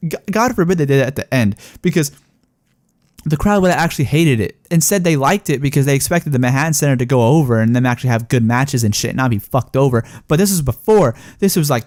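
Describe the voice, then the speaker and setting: A man's voice: medium pitch, lively intonation, a little fast, darkish tone, no echo, clean studio sound. A young man giving a casual, heated review of a wrestling show, rambling and swearing with lots of fillers.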